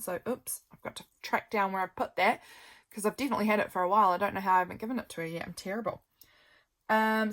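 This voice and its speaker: A woman's voice: mid-range voice, a bit bright. A woman vlogger chatting casually as she flips through her journal, rambling and friendly with plenty of ums and asides. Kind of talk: casual chatty show-and-tell.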